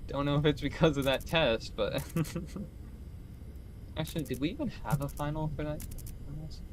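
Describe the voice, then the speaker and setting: A man's voice: a little high, unhurried, pauses often, slight background noise. A young man chatting casually during a game stream, rambling, swearing and laughing often. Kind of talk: casual gaming stream chat.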